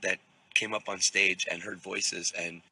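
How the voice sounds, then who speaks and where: A man's voice: low-pitched, flat delivery, a little slow, bright, forceful tone, slight background noise, rough recording. A man, a preacher, casually telling a rambling story, repeating words and restarting sentences, filmed on a phone. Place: outdoors at a crowded event. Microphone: phone video.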